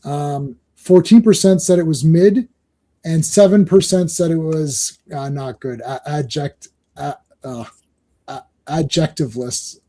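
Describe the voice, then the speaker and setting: Warm and unhurried, the middle-aged stream host from Canada speaks with a voice on the high side. His casual chatter wanders, with frequent restarts, self-interruptions, and chuckles.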